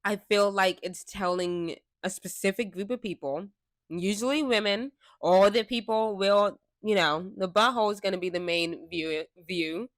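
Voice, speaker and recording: A woman's voice: medium pitch, moderate pace, no echo, studio quality. Frank, chatty young woman vlogger. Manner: frank, chatty, laughs often. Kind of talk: casual talk to camera. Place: indoors, seated before a fixed camera. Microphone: camera mic.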